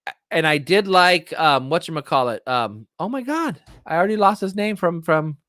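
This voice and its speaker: A middle-aged man hosts a casual livestream hangout from a close mic. His voice sits a little higher than most men's, and the room sounds dry and dead. He rambles and gets excited easily. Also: moderate pace, no echo. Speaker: livestream host. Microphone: streaming setup, close mic.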